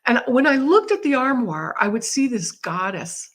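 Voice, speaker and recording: A woman guest in an interview, telling a personal story in a vivid, animated way and laughing now and then. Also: on the high side, moderate pace.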